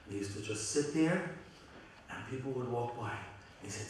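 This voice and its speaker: A middle-aged man, a rabbi, giving a heartfelt, halting eulogy with many restarts. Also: mid-range voice, slight background noise. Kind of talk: eulogy at a memorial gathering. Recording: very echoey hall from far off.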